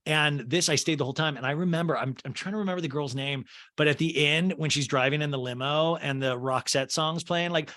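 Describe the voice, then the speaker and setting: A bright, slightly high-voiced man from Kansas hosts a casual comedy podcast. He rambles through the plot and slips into quick impressions of the characters. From Kansas, USA. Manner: rambling storyteller who acts out characters' lines. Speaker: podcast host. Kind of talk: casual podcast chat recapping a movie.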